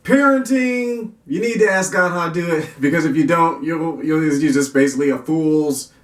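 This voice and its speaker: Higher-voiced man giving a folksy faith talk. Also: normal speed. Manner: folksy, repetitive, restarts and chuckles. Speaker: Christian parenting speaker. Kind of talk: casual faith-based talk. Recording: roomy echo, distant mic.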